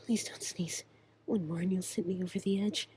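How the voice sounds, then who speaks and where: A woman playing a young woman hiding with a friend in a closet, hushed and scolding in a whispered role-play. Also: lowish voice, moderate pace, a little hiss or hum, lightly acted.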